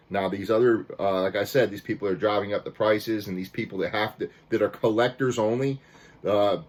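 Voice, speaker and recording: A man ranting to camera as a record collector, fired up and frustrated, with many restarts and mild cursing. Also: fairly low pitch. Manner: fired-up, repetitive restarts, swears mildly. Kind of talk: casual rant to camera.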